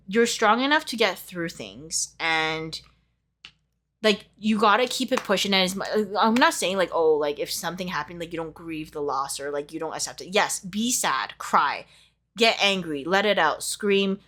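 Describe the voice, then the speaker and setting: A woman's voice: on the low side, a little slow, pushed and bright, a little hiss or hum. A young woman giving a casual tarot reading, talking in a heartfelt, emotional way with lots of fillers. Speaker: tarot reader.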